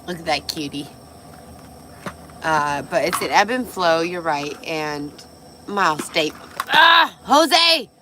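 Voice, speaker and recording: A woman hosting a casual livestream, a little tipsy and hoarse, gushing and swearing as she reads viewer comments. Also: on the low side, lively intonation, slow pace, pushed and bright, a little hiss or hum. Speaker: livestream host.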